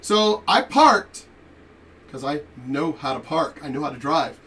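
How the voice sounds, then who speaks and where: High pitched guy ranting and cussing, sounds kinda far from the mic. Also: a little slow, a little hiss or hum. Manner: animated, profane, laughing asides. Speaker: reaction video commentator. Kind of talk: profane storytelling rant.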